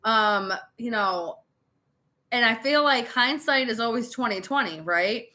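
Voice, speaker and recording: A woman's voice: a little high, animated, a little slow, bright, forceful tone. A tipsy woman giving a casual live tarot reading, chatty and laughing, with swearing and dramatic asides. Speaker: tarot reader.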